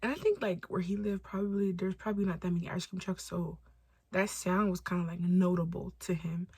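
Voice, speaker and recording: A young woman from Los Angeles telling a storytime vlog in casual, animated style, swearing freely and acting out quotes. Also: on the low side, a little fast, husky, no room sound. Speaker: storytime vlogger.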